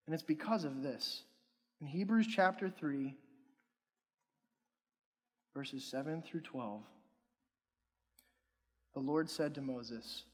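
A man's voice: mid-range voice, slow, pauses often, slightly rough. A young adult man preaching a sermon in a church hall, in a casual, joking and self-deprecating way. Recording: long hall reverb.

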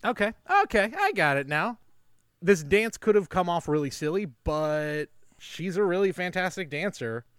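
A man's voice: high voice, animated, normal speed, fairly bright tone, smooth, dry recording, studio quality. A man co-hosting a casual film podcast, recapping the plot and laughing often. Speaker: podcast co-host.

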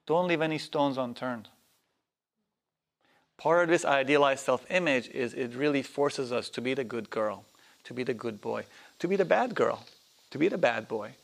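Casual, gravelly man teaching a workshop. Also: medium pitch. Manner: casual, swearing, acts out voices in stories. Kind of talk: spiritual workshop talk. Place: workshop hall.

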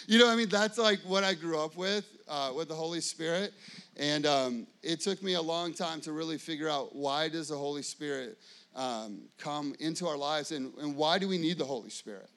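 High-voiced pastor in a casual sermon. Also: male voice, moderate pace, fairly bright tone. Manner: conversational, loose, with many fillers and audience check-ins.

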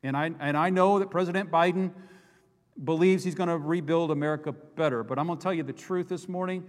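A man's voice: fairly high pitch, a little fast. A male pastor preaching an impassioned sermon, repeating and restarting phrases as he builds his points. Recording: long hall reverb.

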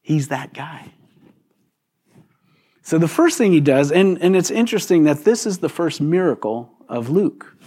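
A man preaching a sermon in a relaxed, conversational way, often putting questions to the congregation. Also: a little high, a little slow, long pauses. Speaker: pastor.

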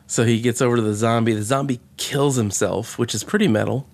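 A man casually recapping a movie with sarcasm and profanity, mocking its lines in quick impressions. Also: medium pitch, steady tone, darkish tone. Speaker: podcast co-host. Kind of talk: casual movie review chat.

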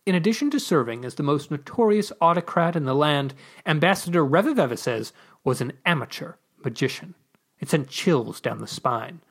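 Lively breathy-voiced storyteller. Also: mid-range voice. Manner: playful, wry deadpan narration. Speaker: podcast co-host reading a story. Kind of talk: scripted storytelling narration. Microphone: podcast microphone.

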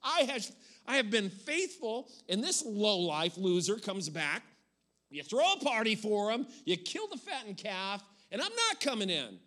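A man's voice: sits high, big pitch swings, unhurried, bright, forceful tone, full character voice. A man voicing a resentful older brother who complains that he has worked faithfully and never been rewarded, acted out within a sermon. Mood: indignant. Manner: indignant, complaining.

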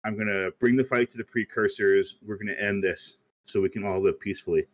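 A man's voice: on the low side, fairly even intonation, fairly quick, dry recording, pitched below the performer's own voice, close to an everyday voice. Man doing an earnest young pilot, offhand and rambling, barely acted. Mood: determined.

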